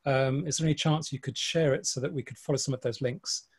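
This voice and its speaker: A club member on a video call asking two questions, hesitant with many ums. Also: male voice, medium pitch, quick pace, slightly rough.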